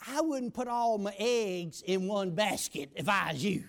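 A man voicing his worried, pleading old country mother, dropping much lower and softer than his own preaching voice. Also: animated, unhurried.

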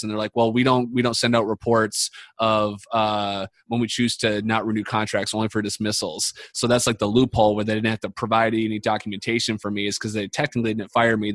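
A man's voice: lowish voice, fairly bright tone, dry recording. A young man from the United States, a podcast guest, telling a long story in casual chat, swearing freely and full of fillers and restarts.

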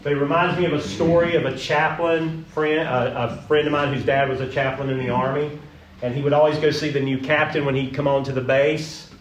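A man leading an interactive sermon, folksy and animated, asking the room questions. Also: a little high, a little fast, dull audio. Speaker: pastor leading a group session. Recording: roomy echo, mic at a distance.

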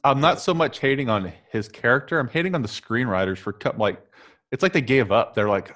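A man's voice: medium pitch, fairly quick, a bit bright. A man co-hosting a casual movie podcast, blunt and jokey, swearing freely as he picks at the film. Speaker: podcast co-host. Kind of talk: casual movie review chat.

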